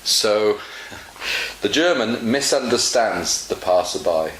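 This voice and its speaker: A male English teacher talks through a casual lesson, patient and full of fillers as he explains. His voice sits low, and his delivery is slow and measured. A roomy echo and faint background hiss surround him. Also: lively intonation, a bit bright. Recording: echoey room with faint hiss.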